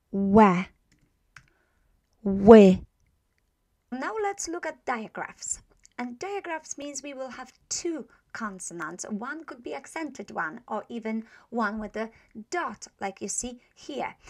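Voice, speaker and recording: Woman, pronunciation teacher; slow, repetitive, keeps checking in. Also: a little high, fairly bright tone. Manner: slow, repeats sounds many times, checks in with "okay?" and "right?". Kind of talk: pronunciation lesson.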